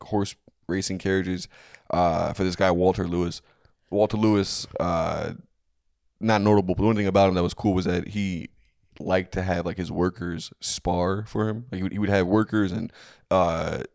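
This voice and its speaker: Low gravelly man in casual chat. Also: a little mellow, no room sound, clean studio sound. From family from a third world country. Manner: laid-back, crude, many fillers and restarts. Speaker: podcast co-host. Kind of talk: casual comedy podcast chat.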